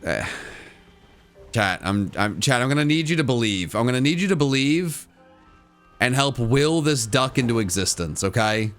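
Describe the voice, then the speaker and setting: A man's voice: medium pitch, sing-song, moderate pace, fairly bright tone, soft background music. Guy streaming from home, bouncy up and down voice, keeps repeating stuff, talks to chat. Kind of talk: casual live-stream game commentary. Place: home room.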